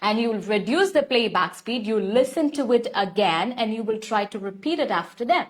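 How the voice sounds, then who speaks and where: A woman's voice: on the high side, expressive, moderate pace. A young woman with an Indian English accent teaching an online English class, explaining steps at length and greeting viewers by name. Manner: repetitive, instructive, addresses viewers by name. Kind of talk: live online lesson.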